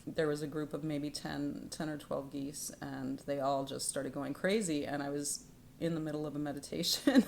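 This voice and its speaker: At home in Canada, a low-voiced woman gives a tarot reading for her spiritual vlog, speaking at normal speed with a gravelly tone. She's soft-spoken and drifts into whispers, but turns lively and laughs when telling stories.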